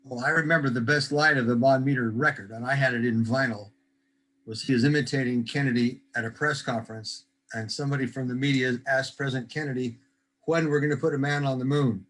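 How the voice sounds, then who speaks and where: A man's voice: mid-range voice, steady tone, a little fast, a bit bright, low-quality recording. A man reminiscing casually on a video call. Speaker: meeting participant. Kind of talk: casual Zoom talk.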